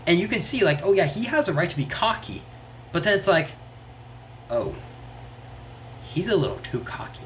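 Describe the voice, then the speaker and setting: An animated young reviewer rattles through a TV episode recap, stumbling over words and restarting sentences as the excitement builds. The voice sits at a middle pitch and swings up sharply when worked up, with a faint hiss of background noise. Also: normal speed, pauses often. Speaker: show reviewer.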